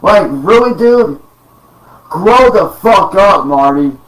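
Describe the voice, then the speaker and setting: A man rants furiously and swears constantly, his voice pitched high for a man and his words dragged out slowly for emphasis. He sounds a little away from the microphone in an echoey room at home. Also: animated, a bit bright, distant mic. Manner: profane, threatening, slow emphatic delivery. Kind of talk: angry rant to camera. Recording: roomy sound, off-mic.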